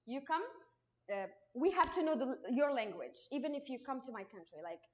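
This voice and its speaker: A woman from Morocco with a Moroccan accent and Arabic as her first language, telling her personal testimony at church in a lively way with frequent restarts. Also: high-pitched, fairly quick. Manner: lively storytelling with frequent restarts and acted quotes. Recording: dull lo-fi sound.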